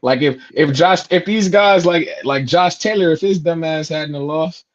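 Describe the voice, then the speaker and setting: A man's voice: fairly high pitch, normal speed, dull audio. A man talking boxing in loose, profane, laughing banter on a live fight chat.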